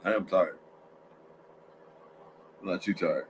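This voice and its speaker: A sleepy man hosts a casual livestream from his home, yawning and rambling through his thoughts with many restarts. His voice sits low. A faint background hiss runs under his talk. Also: slow pace, low-quality recording. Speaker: livestream host.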